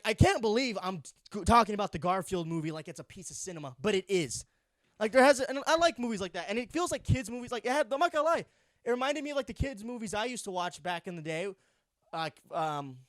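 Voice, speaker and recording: A man's voice: sits high, fairly bright tone, dry recording, studio quality. A young man hosting a solo comedy podcast, rambling and swearing sarcastically while sleep deprived. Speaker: podcast host.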